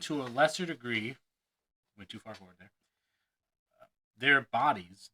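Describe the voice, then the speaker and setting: A man reading a performance-advice book aloud with lively expression, stopping now and then to comment on his own slips. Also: medium pitch, low-quality recording. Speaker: reader of a self-help book on performing.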